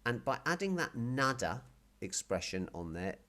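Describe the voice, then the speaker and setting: A man's voice: mid-range voice, sing-song, moderate pace, bright, forceful tone. A man teaching a casual Spanish lesson, patiently explaining and repeating words. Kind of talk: casual video language lesson.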